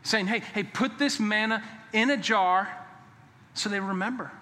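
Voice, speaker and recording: High, bright-voiced preaching man. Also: a little slow. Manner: emphatic preaching that drops to a hushed, earnest close. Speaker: pastor. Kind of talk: sermon. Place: church sanctuary. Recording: long hall reverb.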